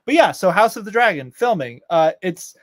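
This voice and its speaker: A man's voice: sits high, sing-song, normal speed, dry recording. A man co-hosting a casual show, rambling and ranting, full of fillers. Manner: ranting, exasperated. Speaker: podcast co-host. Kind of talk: casual chat.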